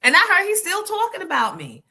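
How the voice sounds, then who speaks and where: A middle-aged woman hosting a morning radio show, telling stories in a blunt, profane, animated way. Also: very high-pitched, a little fast, creaky. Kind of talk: casual storytelling chat.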